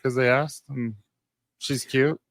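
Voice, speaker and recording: A man's voice: medium pitch, fairly even intonation, takes it slowly, fairly bright tone, no echo, clean studio sound. A man in his forties co-hosting a podcast, telling easygoing stories about his kids with a chuckle. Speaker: podcast co-host. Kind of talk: casual chat.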